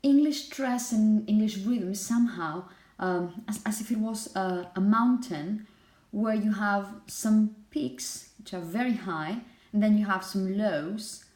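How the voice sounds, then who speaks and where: A woman lectures teachers on phonetics, explaining step by step, checking in with "okay?" and "yeah?", and chanting example phrases to demonstrate rhythm. Her mid-range voice is a little mellow, and she speaks slowly with hardly any pauses.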